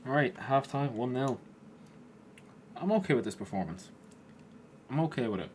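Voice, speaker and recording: A man's voice: medium pitch, moderate pace, slight background noise. A man casually commentating over his own football video game, chatty and swearing, tired and yawning at times. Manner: chatty, swears at players, rises in excitement. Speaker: gaming YouTuber.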